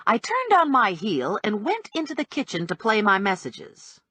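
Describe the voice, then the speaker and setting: A wry, breathy woman narrator. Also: mid-range voice, normal speed, hardly any pauses, no room sound. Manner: wry, deadpan humor. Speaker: audiobook narrator. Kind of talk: first-person audiobook narration.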